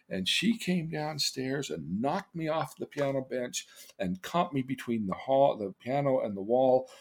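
Husky older man telling personal stories. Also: medium pitch. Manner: earnest and emotional, voice swinging between loud and hushed. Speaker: podcast host. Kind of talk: personal storytelling.

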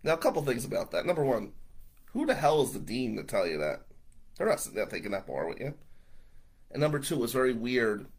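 A man, a lawyer, telling a personal story to the camera in a casual, animated way, blunt and swearing freely. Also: mid-range voice, fast talker, breathy edge, poor audio.

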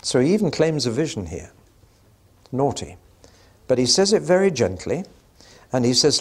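A man's voice: medium pitch, big pitch swings, normal speed, long pauses, husky. Guy teaching a bible passage, chatty, dry little asides, asks the room questions. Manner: conversational, with wry asides and rhetorical questions.

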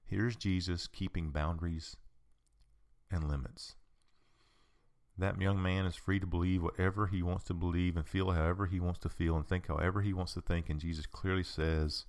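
A man's voice: sits low, fairly even intonation, normal speed. A man hosting a podcast, giving a conversational teaching talk and repeating his points for emphasis. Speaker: podcast host.

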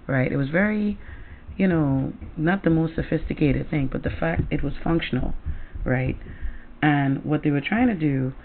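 Heated profane woman, gravelly voice. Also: low voice, a little hiss or hum. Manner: blunt, profane, heated, with repeated "right?" and "okay?". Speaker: commentator. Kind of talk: angry political commentary. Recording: tinny phone-like audio.

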